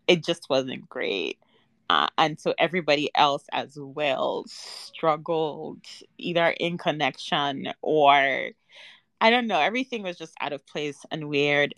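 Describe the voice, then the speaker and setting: A woman's voice: deep voice, fairly bright tone, no room sound. A woman in a casual film-review chat, talking in a dry, unimpressed way with frequent ums. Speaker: podcast panelist.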